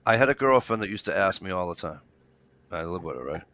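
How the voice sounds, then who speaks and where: A man spins a long story in casual chat, playing out every line of the dialogue. His voice sits very low with a heavy gravelly fry, and the sound is close and dry. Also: fast talker, no room sound. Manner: animated storyteller acting out dialogue, swears freely. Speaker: show regular.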